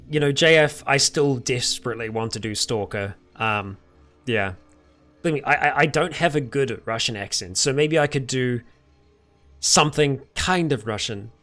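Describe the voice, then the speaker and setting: In a medium-pitched voice, a British man casually fields questions from chat on a live-stream Q&A, relaxed and meandering, with frequent chuckles.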